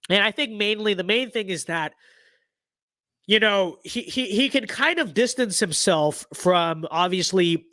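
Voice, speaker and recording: A man's voice: high voice, expressive, measured pace, bright, forceful tone, dry recording. A young man with a stuffy nose, giving blunt, sarcastic and rambling political commentary in a casual livestream.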